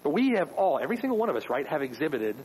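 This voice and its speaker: A man's voice: fairly high pitch, big pitch swings, very fast, darkish tone, slight background noise, rough recording. A man preaching a sermon as pastor, emphatic, with rhetorical questions.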